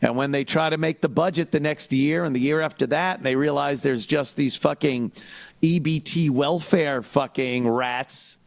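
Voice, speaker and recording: Gravelly, profane male podcast host. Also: a little high, moderate pace, no room sound. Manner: blunt, profane, mocking, with frequent restarts and mimicry of others. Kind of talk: casual political commentary monologue.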